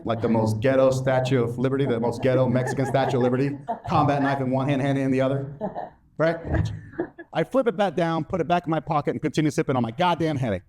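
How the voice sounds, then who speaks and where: A man's voice: medium pitch, darkish tone, a little hiss or hum. Brash man telling stand-up stories. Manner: brash storytelling, acting out quotes in other voices. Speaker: stand-up comedian. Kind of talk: stand-up storytelling.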